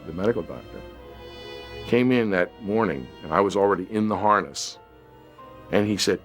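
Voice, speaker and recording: A man's voice: on the low side, animated, fairly quick, vocal fry, faint music behind. A man remembering working on a film, telling the story reflectively in a documentary interview. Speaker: actor interviewee.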